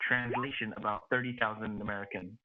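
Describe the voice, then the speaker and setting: A man's voice: on the low side, steady tone, quick pace. Laid-back male game master, muffled audio. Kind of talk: narrating a tabletop game over voice chat.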